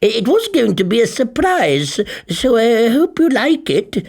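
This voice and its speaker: A man voicing a kindly, nervous old woman, the ogre's wife, in a high fluttery voice. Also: sing-song, unhurried, gravelly, a little mellow, heavily acted.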